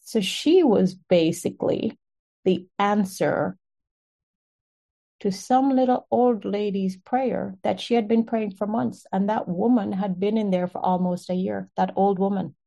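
A woman's voice: mid-range voice, steady tone, a little slow, creaky, warm tone. A woman hosting an online prayer group, telling a testimony in a conversational, emphatic way over a video call.

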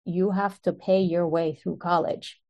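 A woman telling her own story in an earnest, animated way, often breaking into short laughs. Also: fairly low pitch, unhurried, highs cut off. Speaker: speaker sharing a personal testimony. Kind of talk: personal storytelling.

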